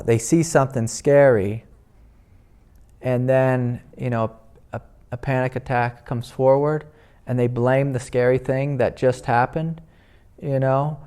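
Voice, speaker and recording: A man, a spiritual teacher, giving a gentle, rambling talk at a meditation retreat, full of "you know" fillers. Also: medium pitch, clean tone. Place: indoor retreat meeting room.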